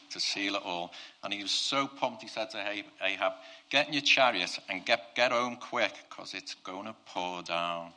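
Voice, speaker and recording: Telling a Bible story in a conversational style, a male preacher delivers a sermon that swings from hushed, low moments to loud, animated ones.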